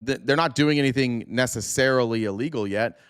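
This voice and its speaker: A man's voice: mid-range voice, fairly quick, fairly bright tone, clean tone, no echo, studio quality. A man hosting a podcast, commenting on news clips in a blunt, sarcastic way and swearing freely. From Arizona, USA. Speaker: podcast host.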